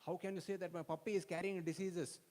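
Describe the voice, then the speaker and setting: A man's voice: high-pitched, flat delivery, quick pace, a little mellow, long reverb tail, voice pushed up, close to an everyday voice. A man voicing an indignant young American man who pleads emphatically to keep his puppy. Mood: pleading.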